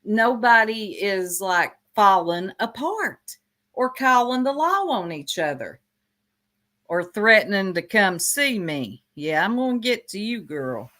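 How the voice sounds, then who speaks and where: A woman's voice: medium pitch, very animated, slow, pushed and bright. A woman from Tennessee with a Southern accent, gossiping bluntly on a casual livestream and laughing often. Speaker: streamer.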